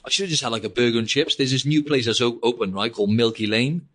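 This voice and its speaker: A man's voice: medium pitch, fairly even intonation, fast, a bit bright. A young man hosting a podcast, rambling casually and saying "mate" and "like" a lot. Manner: rambling, peppers speech with "mate" and "like". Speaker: podcast host. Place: living in Australia.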